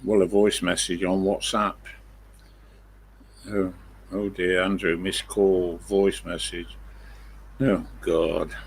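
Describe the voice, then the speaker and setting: An older Englishman tells a long, rambling story on his live stream, stopping often for fillers. His voice sits low with a gravelly rasp, and he takes his time. A faint hiss runs under it. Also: flat delivery. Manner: meandering storytelling with many pauses and fillers.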